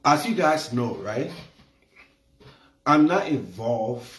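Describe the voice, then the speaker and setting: Emphatic, repetitive man commentator. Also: mid-range voice. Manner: repetitive, emphatic, gets heated. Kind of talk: casual commentary. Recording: echoey room.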